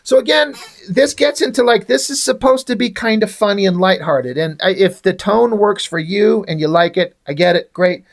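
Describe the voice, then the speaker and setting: A man's voice: sits high, moderate pace, vocal fry. A man reviewing a comic book in a casual rant, sarcastic, exasperated and full of swearing.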